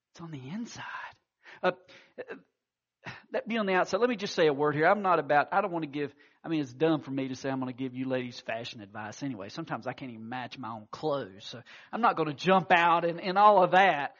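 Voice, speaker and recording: A man's voice: on the high side, fairly bright tone, highs cut off. A man preaching a sermon, telling stories with acted-out quotes and frequent restarts. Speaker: pastor.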